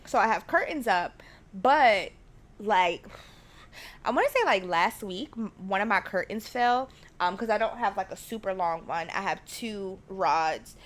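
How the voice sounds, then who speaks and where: A woman hosting her own podcast from her living room, chatting casually in a rambling, excitable way and often dropping to a whisper. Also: mid-range voice, unhurried. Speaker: podcast host. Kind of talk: casual solo chat. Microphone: studio mic at home.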